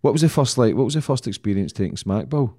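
A man hosting a podcast, chatting with his guest in a quick, empathetic and conversational way. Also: medium pitch, expressive, warm tone, dry recording, clean studio sound. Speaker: podcast host. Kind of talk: conversational interview.

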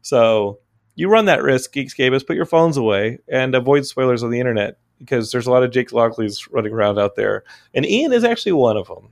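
A man hosting a podcast, telling stories in casual chat, animated and often laughing. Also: mid-range voice, a little fast, creaky, no room sound, clean studio sound. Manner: animated, laughing, swearing storyteller. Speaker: podcast host.

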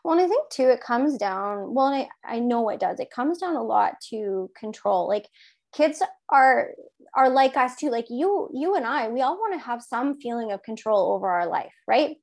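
High-voiced woman chatting about parenting. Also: normal speed. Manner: animated, acts out quoted speech in a higher voice. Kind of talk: casual parenting chat.

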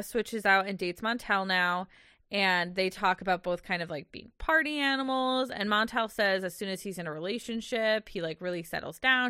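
A young woman recapping a reality show in a casual chat, rambling with lots of "like" and quick laughs. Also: medium pitch, sharp tone, smooth, no echo, studio quality. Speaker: podcast co-host.

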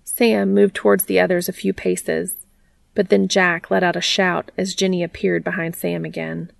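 A woman narrates a story aloud in a steady, plain way. Her voice is low and strongly gravelly with lots of vocal fry. The recording is close and dry. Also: moderate pace, dry recording. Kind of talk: reading fan fiction aloud.

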